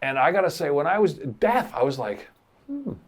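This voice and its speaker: Animated man telling a story. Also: fairly high pitch, normal speed, slight background noise. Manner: animated storytelling, acting out his own inner voice. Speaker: podcast co-host. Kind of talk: casual chat.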